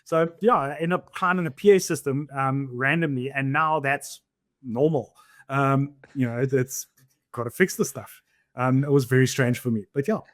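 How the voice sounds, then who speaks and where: A man telling quick, excitable anecdotes in a casual podcast chat, stumbling over restarts. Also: mid-range voice, dry recording, clean studio sound. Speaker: podcast co-host.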